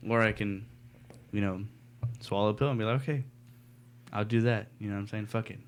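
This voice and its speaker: Laid-back low-voiced man with faint hum. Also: steady tone, fast talker. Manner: laid-back slang, says "bro" and "you know what I'm saying" a lot. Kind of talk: casual podcast chat.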